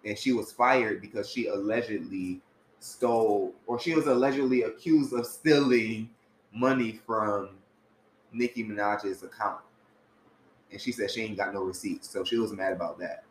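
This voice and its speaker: A man's voice: lowish voice, steady tone, normal speed. A man co-hosting a podcast, trading celebrity gossip in a laid-back, slangy way and laughing often. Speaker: podcast co-host. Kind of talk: casual gossip chat. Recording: echoey room with faint hiss.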